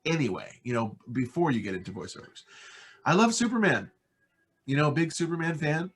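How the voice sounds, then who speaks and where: Husky, enthusiastic American man. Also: on the high side, animated, fairly quick. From United States. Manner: enthusiastic, rambling with fillers. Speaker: voice-over artist guest. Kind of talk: casual interview chat.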